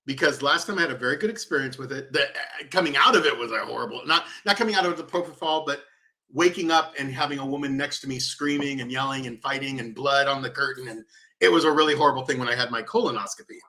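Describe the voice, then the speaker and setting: A man's voice: mid-range voice, fast talker, bright, forceful tone. A man co-hosting a casual talk show, telling stories animatedly with lots of laughter. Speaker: co-host. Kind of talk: casual chat.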